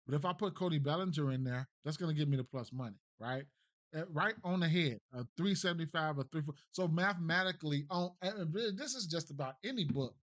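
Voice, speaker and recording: A slightly high-voiced man talks through bets in a loose, slangy way, repeating himself and tagging lines with "right?". He sounds close to the mic with no room sound around him. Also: fast talker, fairly bright tone, dry recording, highs cut off. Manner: thinks aloud, trails off and restarts. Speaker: sports betting host. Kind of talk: casual betting breakdown.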